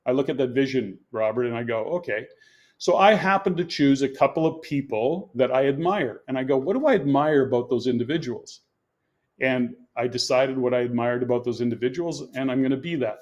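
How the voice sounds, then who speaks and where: A man's voice: medium pitch, a little fast, darkish tone, muffled recording. A man in his sixties, a guest on a podcast, telling stories earnestly and with emphasis as he explains his coaching. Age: 60s. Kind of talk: conversational interview.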